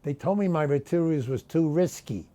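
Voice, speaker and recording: An older man from Brooklyn tells jokes deadpan. His voice sits a little high and sounds warm and relaxed, and he slips into put-on voices for the people in his jokes. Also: normal speed. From Brooklyn, New York. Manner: deadpan joke-telling with put-on voices for characters. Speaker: stand-up comedian. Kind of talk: stand-up comedy.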